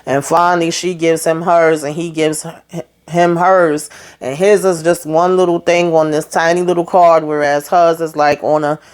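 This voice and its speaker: A woman's voice: low-pitched, level tone, normal speed, a little mellow, clear, resonant tone. A woman hosting a casual TV episode recap, retelling scenes through quoted dialogue in a blunt, opinionated way. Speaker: TV show recap host.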